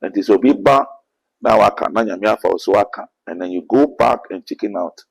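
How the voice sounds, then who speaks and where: A Ghanaian-accented apostle takes interview questions at a brisk clip, his lowish voice edged with vocal fry over a rough recording. Earnest and preacherly, he keeps quoting scripture and swells into emphatic bursts.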